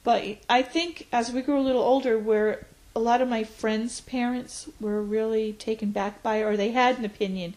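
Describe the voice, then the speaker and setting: A woman in her forties, reflecting on her life in an interview, pausing often with fillers. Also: a little high, steady tone, a little mellow, poor audio. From United States. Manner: reflective, hesitant with frequent fillers. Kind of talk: oral history interview.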